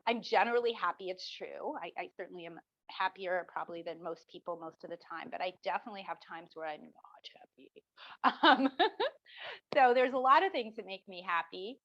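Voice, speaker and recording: A middle-aged woman, a marketing professor, answering interview questions as an animated storyteller who acts out the people she quotes. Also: mid-range voice, normal speed, no room sound. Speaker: marketing professor, podcast guest. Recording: dull dry lo-fi sound.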